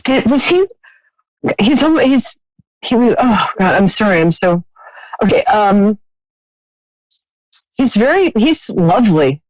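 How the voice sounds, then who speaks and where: A woman's voice: medium pitch, sing-song, slow, pauses often, darkish tone, no echo, low-quality recording. A woman hosting a live psychic radio call-in, chatty and laughing often, with many restarts.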